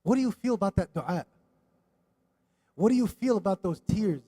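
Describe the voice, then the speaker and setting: A man giving a religious lesson in a mosque, animated and questioning his audience, dropping Arabic religious phrases. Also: high voice, moderate pace, breathy edge. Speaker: religious teacher. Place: mosque hall.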